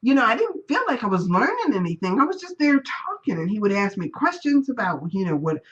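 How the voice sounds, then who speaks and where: Chatty woman, lively storytelling. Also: fairly high pitch, brisk, muffled recording. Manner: chatty storyteller, acts out quoted people. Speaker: spiritual course teacher. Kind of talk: live-streamed class talk, personal stories.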